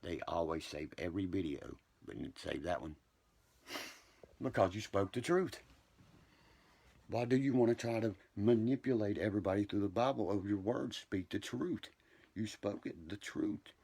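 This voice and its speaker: Gravelly, low-voiced man ranting profanely. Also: a little fast, mellow, dry recording. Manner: profane, combative, rambling. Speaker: livestreamer. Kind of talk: rambling livestream rant.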